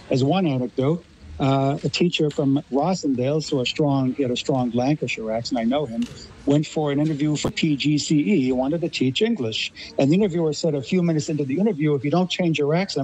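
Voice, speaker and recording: A man's voice: a little high, warm tone, a little hiss or hum, rough recording. A man with an American accent, a guest on a radio discussion, giving expansive and articulate explanations. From Los Angeles, United States.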